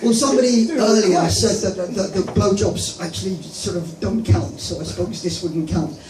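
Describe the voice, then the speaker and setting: Guy rambling through a stand-up bit, high voice, echoey room, mic kinda far. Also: background noise. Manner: rambling, self-deprecating, halting restarts. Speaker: stand-up comedian. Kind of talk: open-mic stand-up storytelling. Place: open-mic comedy venue.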